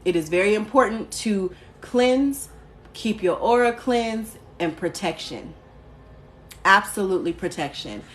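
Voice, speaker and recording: A woman's voice: medium pitch, expressive, unhurried, a little hiss or hum. A woman hosting a casual live stream from her phone, chatting candidly, answering viewer comments and swearing now and then.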